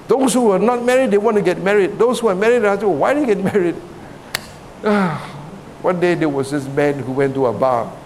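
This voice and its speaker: A man preaching in a conversational way, often asking "right?" and telling jokes, in a large hall. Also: darkish tone. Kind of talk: sermon. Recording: reverberant hall with faint rumble.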